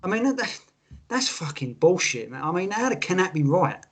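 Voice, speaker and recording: Man, slightly high voice, lively sweary podcast co-host, casual chat. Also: normal speed, husky. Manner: animated, sweary, tells stories with quoted voices.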